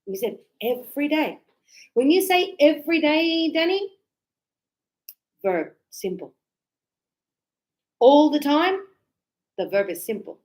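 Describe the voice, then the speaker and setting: Slow, patient high-voiced woman teacher. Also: sing-song, a little mellow. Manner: slow, patient, repeats key phrases. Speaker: English teacher. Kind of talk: classroom grammar lesson.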